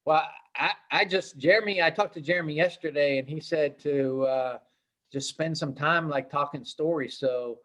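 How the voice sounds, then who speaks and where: A man's voice: on the high side, moderate pace, a bit bright. A man hosting a live day trading room, chatting in an upbeat, chummy, rambling way. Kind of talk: casual live trading chat.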